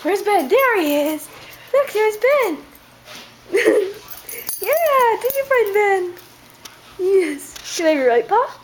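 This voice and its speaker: Woman, home video, very high sing-song pet talk, slow and unhurried, light background noise. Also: very animated. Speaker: dog owner filming her pet. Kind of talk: baby talk to a dog. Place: home, indoors.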